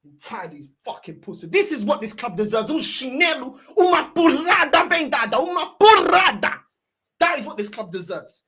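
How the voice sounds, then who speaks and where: A woman's voice: high-pitched, big pitch swings, moderate pace, sharp tone, breathy edge. A woman, ranting angrily and scornfully as a football fan streamer. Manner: angry, sweary, scornful ranting.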